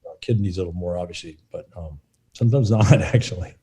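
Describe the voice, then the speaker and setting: A middle-aged man, a film assistant director, telling lively anecdotes in an interview and acting out what others said. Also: deep voice, quick pace. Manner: animated, acts out quotes of others.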